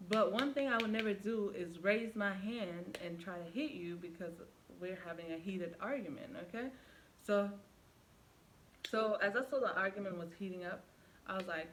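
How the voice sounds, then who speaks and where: A woman's voice: fairly low pitch, moderate pace, a little hiss or hum, rough recording. A young woman vlogger retelling a past relationship as a casual story, acting out quoted lines with lots of fillers. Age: young adult. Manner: animated retelling with quoted dialogue, many fillers. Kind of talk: storytime vlog.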